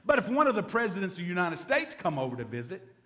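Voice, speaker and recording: A man's voice: high voice, huge pitch swings, quick pace, sharp tone. A man, a pastor preaching a Bible-teaching sermon in a folksy way, with humorous asides.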